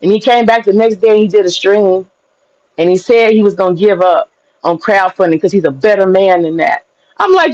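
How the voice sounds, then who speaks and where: A woman's voice: medium pitch, expressive, a little fast, a little mellow, no echo, dull audio. A woman guest chatting casually on a livestream, brash, teasing and profane. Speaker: stream guest.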